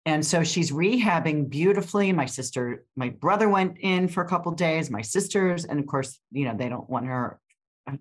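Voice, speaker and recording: A woman's voice: deep voice, lively intonation, moderate pace. An older woman co-hosting a podcast, chatting casually and rambling with restarts and fillers. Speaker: podcast co-host. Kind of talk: casual chat.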